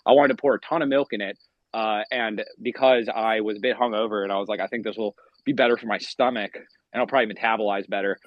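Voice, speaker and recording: A man's voice: on the low side, steady tone, fast, no echo. A man hosting a casual call-in chat, pacing outside with a weak connection, talking profanely and getting worked up as he rants. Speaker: podcast host. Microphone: phone call at the edge of wifi range. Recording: dull lo-fi call audio.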